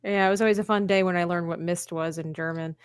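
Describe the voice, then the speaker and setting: A woman's voice: lowish voice, fairly even intonation, fast talker, clean tone. Chatty woman hosting a live art stream. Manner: chatty, laughs often, acts out her own thoughts. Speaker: stream host.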